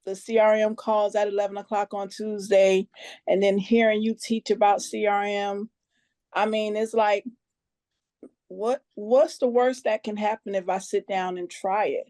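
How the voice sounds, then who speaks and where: A woman's voice: medium pitch, flat delivery, a little slow, darkish tone, no room sound, studio quality. A woman sharing her story on a business call, earnest, plain-spoken and a little nervous. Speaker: guest team member sharing her story. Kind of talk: casual testimonial on a conference call.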